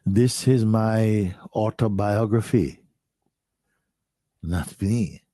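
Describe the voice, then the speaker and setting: A middle-aged man, a spiritual teacher, speaking slowly to listeners, repeating and questioning, often dropping to a soft near-whisper. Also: lowish voice, no echo, clean studio sound.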